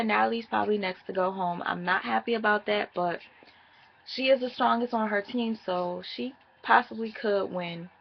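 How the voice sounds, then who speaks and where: A woman's voice: medium pitch, gravelly, dull audio. A woman chatting casually and profanely as she recaps a reality show for her viewers.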